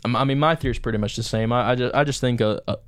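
A man's voice: medium pitch, rapid-fire. A man chatting casually as a podcast host, often restarting his sentences. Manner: stammering, self-restarting storyteller. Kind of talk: casual chat.

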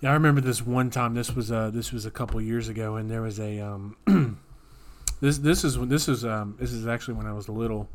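In casual podcast chat, a male co-host with a mid-range voice and a fairly quick pace relates absurd fabricated stories in a deadpan manner.

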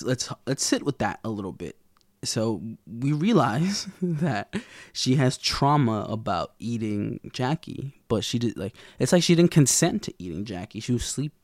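A man's voice: medium pitch, darkish tone, dry recording, studio quality. A young man recapping a TV episode in a rambling, casual way, full of slang and swearing. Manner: rambling, profane slang, lots of fillers. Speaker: TV recap vlogger.

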